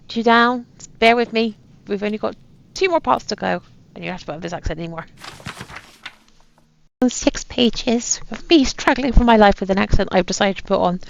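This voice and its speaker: A woman's voice: medium pitch, a little fast, vocal fry, dry recording, muffled recording. Wry woman commenting on a game. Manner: wry, joking asides. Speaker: video game player. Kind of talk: casual gameplay commentary.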